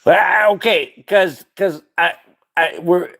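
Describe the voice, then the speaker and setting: A man in his forties with a Canadian accent, hosting a live stream in excitable, stammering casual chat. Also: high voice, slow. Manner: stammering, excitable, laughs a lot.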